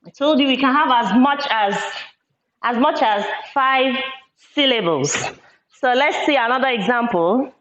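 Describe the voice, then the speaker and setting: Slow, deliberate woman teaching a class. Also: sits high, lively intonation, a bit bright. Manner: slow, deliberate, repeats words syllable by syllable. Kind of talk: classroom lesson. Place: classroom with a board. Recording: echoey room, dull lo-fi sound.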